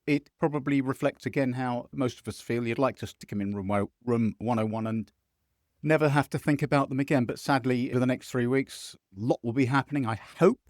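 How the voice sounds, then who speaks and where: A man hosting a casual football podcast over a video call, animated and sweary, often slipping into mimicry. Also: mid-range voice, fairly quick, dry recording, studio quality. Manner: animated, sweary, mimics others in put-on voices. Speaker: podcast host. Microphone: video call mic.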